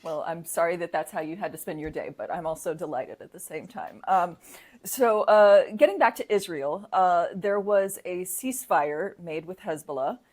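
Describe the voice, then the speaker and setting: A woman co-hosting a podcast, chatting in a sarcastic, animated way and laughing often. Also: on the low side, normal speed. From United States. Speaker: podcast co-host. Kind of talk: casual political comedy chat.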